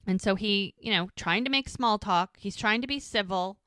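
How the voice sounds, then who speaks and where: A woman's voice: mid-range voice, moderate pace, a bit bright, dry recording, studio quality. A woman co-hosting a podcast, chatting casually as she recaps an episode and acts out the characters' lines. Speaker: podcast co-host.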